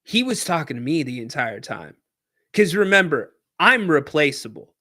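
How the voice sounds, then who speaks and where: A man hosting a podcast, telling a casual story in an animated way and acting out shouted quotes. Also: on the high side, moderate pace. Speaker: podcast host.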